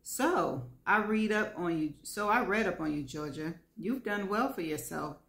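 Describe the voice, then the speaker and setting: A woman voicing an earnest, gentle middle-aged man confessing an old crush, in an echoey room. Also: mid-range voice, expressive, measured pace, gravelly. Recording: roomy echo.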